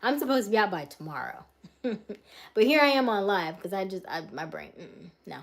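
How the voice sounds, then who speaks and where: Streaming live from her home in the middle of a move, a woman chats casually and reads viewer comments aloud. Her mid-range voice is gravelly and fairly quick, with big pitch swings, and she often laughs and trails off.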